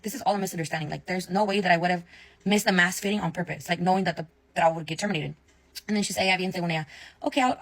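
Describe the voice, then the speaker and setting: A woman's voice: medium pitch, low-quality recording. A young woman telling a story in a casual rant, blunt and swearing often, acting out both sides of her conversations.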